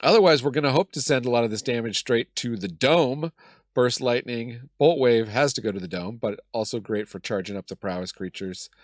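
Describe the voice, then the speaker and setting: A man with a cold talks through his game in a hoarse voice. His commentary is chatty and casual, thinking each move aloud with little laughs. The sound is dry and close. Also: mid-range voice, fairly quick, no echo. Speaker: gaming channel host.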